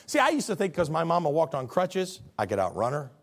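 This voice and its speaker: A man's voice: fairly high pitch, wildly swooping pitch, brisk. A man preaching a sermon as a pastor, telling stories with comic character voices.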